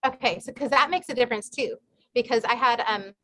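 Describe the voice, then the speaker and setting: A woman's voice: fairly high pitch, a little fast, fairly bright tone. Woman, author, casual group chat, lots of ums and restarts, video call. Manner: chatty, many fillers and restarts. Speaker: guest author. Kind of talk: casual online group talk.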